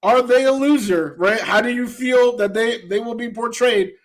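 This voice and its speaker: A man co-hosting a casual sports talk show, playful and excitable, who laughs often. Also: extremely high pitch, moderate pace. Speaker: co-host.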